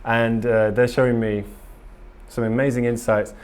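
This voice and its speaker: A man's voice: medium pitch, little pitch movement, moderate pace, a little mellow, smooth. A man giving a casual conference talk to a live audience in a conference room, earnest and rambling, with frequent ums and restarts. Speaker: conference speaker.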